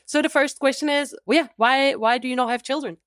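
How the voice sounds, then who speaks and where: High-voiced woman host, dry sound. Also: brisk, fairly bright tone, no echo. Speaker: podcast host and interviewer. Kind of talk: casual interview questions.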